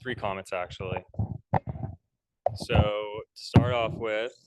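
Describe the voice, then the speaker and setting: A man takes over as toastmaster, relaxed and joking as he comments. He talks very slowly, and his voice is deep. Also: very noisy. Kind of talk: club meeting hosting.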